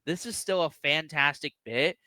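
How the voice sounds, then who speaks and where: A man co-hosting a wrestling review podcast, chatting casually and acting out quotes with exaggerated high voices. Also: normal speed, bright, forceful tone, no room sound. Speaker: podcast co-host.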